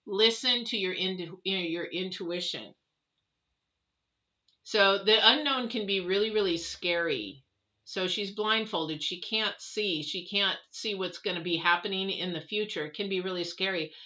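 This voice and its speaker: A woman's voice: medium pitch, unhurried, bright, forceful tone, lo-fi sound. A woman giving a live tarot reading in a chatty, rambling way, full of fillers and restarts. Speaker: tarot reader.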